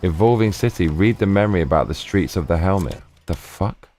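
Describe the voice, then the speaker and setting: A man's voice: low voice, lively intonation, quick pace, darkish tone, faint music behind. A man streaming a game live, talking casually and muttering in exasperation as he plays. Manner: muttering, exasperated while playing.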